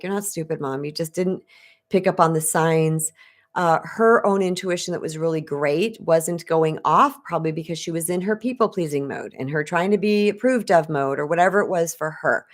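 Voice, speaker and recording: A woman in her fifties from the United States speaks to her live audience as a spiritual coach. Her voice sits a little low. She talks in a candid, chatty way and slips into the voices of the people she quotes. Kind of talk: live-streamed personal storytelling to viewers.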